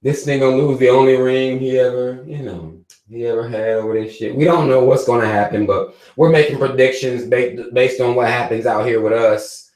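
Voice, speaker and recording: A man's voice: medium pitch, brisk, echoey room, rough recording. A man hosting a live stream, giving loose, profane commentary with frequent laughs. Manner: animated, swearing, laughing often.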